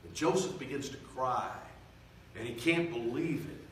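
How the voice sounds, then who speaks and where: Booming preacher in an echoey church. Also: male voice, far from the mic, slight background noise. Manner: swells loud and slow for emphasis, drops to quiet confiding tones. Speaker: revival preacher. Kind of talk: sermon. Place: church sanctuary.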